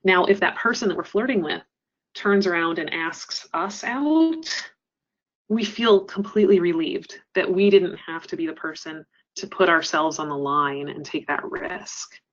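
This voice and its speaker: Woman trainer, earnest webinar presenter, lowish voice, dull lo-fi audio. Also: measured pace. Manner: earnest, explanatory, frequent ums. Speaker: crisis center trainer.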